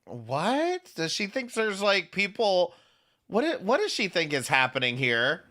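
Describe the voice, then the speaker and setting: A man hosts a reaction commentary in a bright, sharp voice that sits a little high. His pitch swings widely as he cuts in with incredulous, sarcastic, profane remarks. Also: huge pitch swings, measured pace. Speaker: commentary host.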